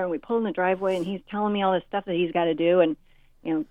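A woman's voice: fairly low pitch, racing, dry recording, narrow, tinny audio. A woman in her forties, a guest author, telling a parenting story in an interview and acting out the people she quotes. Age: 40s. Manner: animated storyteller, acts out quotes.

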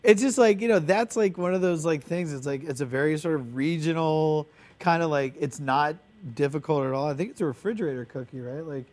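Male baker guest, fairly high-pitched, eager and filler-heavy. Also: brisk, hardly any pauses, a little mellow. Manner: eager, filler-heavy, lots of "like" and "you know". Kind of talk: casual interview chat.

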